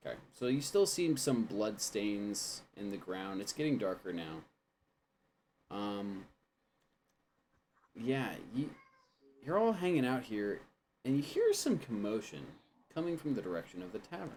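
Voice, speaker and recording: A man's voice: lowish voice, big pitch swings, unhurried, long pauses, darkish tone, a little hiss or hum. A man running a tabletop game as game master, describing scenes loosely with lots of fillers. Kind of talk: casual tabletop game narration.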